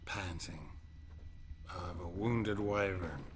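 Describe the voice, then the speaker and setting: An actor playing a gruff, stoic male monster hunter in a video game, speaking in a terse, dry way. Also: low voice, steady tone, slow, noisy background.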